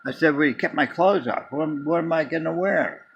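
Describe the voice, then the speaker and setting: A man's voice: fairly high pitch, brisk, creaky, muffled recording, slight background noise. A man casually telling a long personal story in a rambling way, restarting and repeating words as he goes. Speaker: vlogger.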